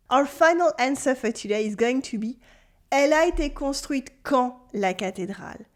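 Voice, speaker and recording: A woman teaching a scripted online lesson. Her voice sits a little high, and she speaks clearly and patiently, walking learners through each example with an encouraging tone. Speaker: French teacher.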